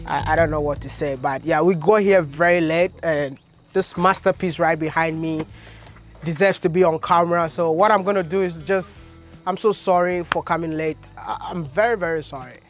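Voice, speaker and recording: A young man with a Ghanaian accent, vlogging to camera on a busy street, animated and quick to laugh and joke. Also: on the high side, faint music behind. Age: young adult. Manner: animated, laughs often, jokes and teases. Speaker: travel vlogger. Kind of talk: excited casual vlog talk to camera. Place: outdoors on a busy city street with traffic.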